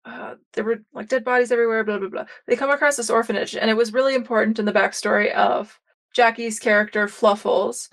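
Young woman, podcast host, casual rambling chat, somewhat high voice. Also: fast talker. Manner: rambling, many fillers and restarts, animated storytelling.

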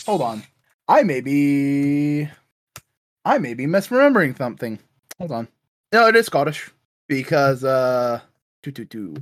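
Casting note: male podcast co-host, lively pitch, animated comic recap with voiced bits. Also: measured pace, long pauses. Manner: animated, acts out characters' lines with filler "uh". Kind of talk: casual recap of a comic issue.

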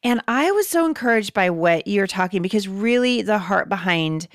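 Woman host, Pacific Northwest American accent, upbeat chatty podcast read, smooth tone, dry close mic. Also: mid-range voice, lively intonation, normal speed, no room sound. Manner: upbeat, chatty, laughs often. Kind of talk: casual podcast chat.

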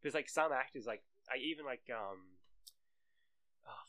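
A man's voice: mid-range voice, moderate pace, fairly bright tone, no echo. An Australian man co-hosting a podcast, rambling casually about films, swearing and tossing in mock accents. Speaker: podcast co-host. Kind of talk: casual chat.

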